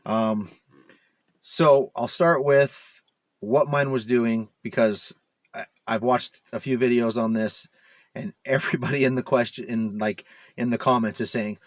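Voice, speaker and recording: A man's voice: medium pitch, steady tone, a little slow, dry recording. A man rambling casually to the camera as a DIY car repair vlogger, full of fillers and self-mocking asides, recorded inside a parked SUV.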